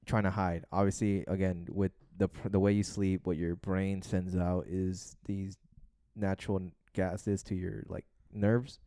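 A man's voice: low-pitched, flat delivery, unhurried, warm tone, smooth, dry recording, clean studio sound. A young man co-hosting a podcast, telling a long story in a loose, rambling way full of fillers and swearing. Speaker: podcast co-host. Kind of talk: casual chat.

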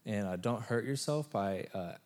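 Man, lower voice, hesitant, sharing healing words, prayer meeting. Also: expressive, normal speed, a little mellow. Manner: hesitant, many uh fillers. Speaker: prayer minister.

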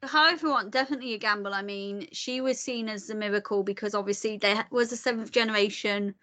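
A woman in casual, opinionated conversation, animated and swearing now and then. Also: medium pitch, fast. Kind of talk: casual chat.

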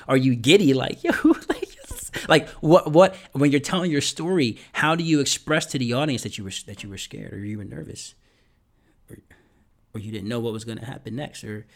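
A man's voice: mid-range voice, a bit bright. Emphatic man coaching on public speaking. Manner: emphatic, repeats points, asks "right?" often; drops to a whisper for effect. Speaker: podcast host giving speaking tips. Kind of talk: motivational talk to camera.

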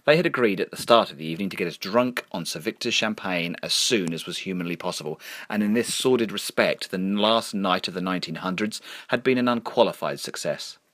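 A man narrating a story in a sardonic, deadpan reading. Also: sits low, brisk, no room sound.

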